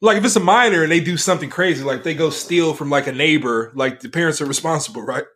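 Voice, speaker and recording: Laid-back man with a slightly high voice. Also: fast talker, fairly bright tone. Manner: laid-back, filler-heavy, chuckling. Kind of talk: casual chat.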